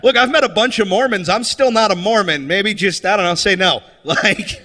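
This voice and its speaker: A man performing a stand-up comedy set on stage, animated and slipping into mocking character voices. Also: high-pitched, moderate pace, big-room sound. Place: comedy stage before a live audience.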